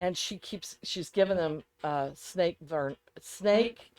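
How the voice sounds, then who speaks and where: A woman co-hosting a casual podcast chat, rambling and animated, often laughing as she talks. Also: on the low side, takes it slowly, rough recording. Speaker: podcast co-host.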